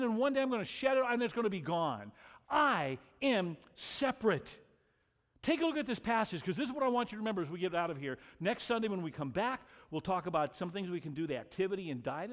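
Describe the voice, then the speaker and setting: A man in his sixties preaching an emphatic sermon in a church, his fairly high voice swinging widely from hushed lows to loud peaks. He leads the congregation in call-and-response. The recording is dull, with a long hall reverb behind him. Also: sing-song, fast talker. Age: 60s. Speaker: pastor. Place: church sanctuary.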